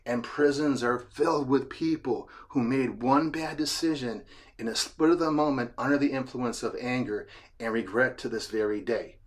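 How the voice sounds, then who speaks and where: A man's voice: mid-range voice, moderate pace. A man who is a therapist, giving a blunt, profane motivational talk in a street-wise, emphatic way.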